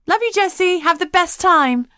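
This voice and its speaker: A woman's voice: very high voice, expressive, moderate pace, fairly bright tone, dry recording, voice pushed up. A woman voicing a bubbly, teasing young woman who is the narrator's best friend, in a dry audiobook recording.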